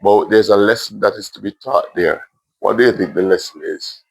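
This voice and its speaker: Low-voiced Jamaican man reading a story. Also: normal speed, gravelly, husky. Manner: gentle, emotional reading with asides to the class. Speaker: author reading his story to schoolchildren. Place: primary school classroom.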